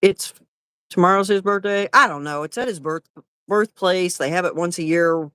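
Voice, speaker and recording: A woman's voice: on the low side, moderate pace, a bit bright, clean tone, no echo, studio quality. A middle-aged woman chatting casually on a livestream about her upcoming vendor event, talking while eating and packing. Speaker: craft vendor and livestream co-host. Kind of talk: casual chat.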